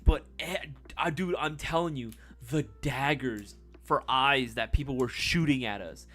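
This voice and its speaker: A young man hosting a live stream, telling a long story casually with lots of swearing and sudden swings from loud to low. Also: unhurried, faint music behind. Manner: animated, profane, swings between loud and low.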